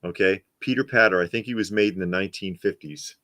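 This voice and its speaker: A man's voice: low-pitched, quick pace, slight background noise. A middle-aged man co-hosting a casual live stream, chatting and telling stories animatedly, acting out quotes as he goes. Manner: animated storyteller, acts out quotes. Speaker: co-host.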